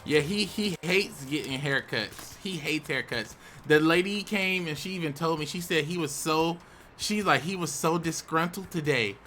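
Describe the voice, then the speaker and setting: Bright-voiced young man, laid-back chatter. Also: on the high side, normal speed, slight background noise. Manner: relaxed, chatty, with sudden excited outbursts. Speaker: YouTube host. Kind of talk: casual commentary while opening game card packs.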